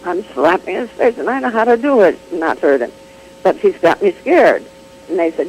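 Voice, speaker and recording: An older woman chatting as an interview guest, telling an animated anecdote full of restarts, laughs and acted-out quotes. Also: mid-range voice, normal speed, a little hiss or hum, poor audio. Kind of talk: casual chat, telling an anecdote.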